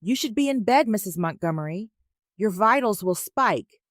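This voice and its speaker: A woman's voice: mid-range voice, lively intonation, normal speed, no echo, studio quality, close to an everyday voice. A woman voicing a guarded, haunted male heart surgeon who speaks in curt, clipped lines.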